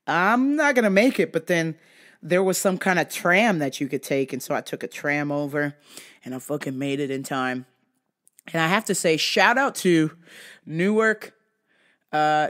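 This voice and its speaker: A woman in her thirties telling comedic travel stories to camera, animated, profane and often laughing. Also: on the low side. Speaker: vlogger. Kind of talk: casual comedic storytelling.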